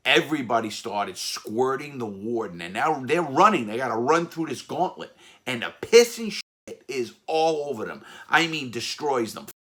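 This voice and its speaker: A man's voice: mid-range voice, very animated, normal speed, fairly bright tone. A middle-aged man telling a blunt, profane story about his time in prison. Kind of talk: casual storytelling monologue.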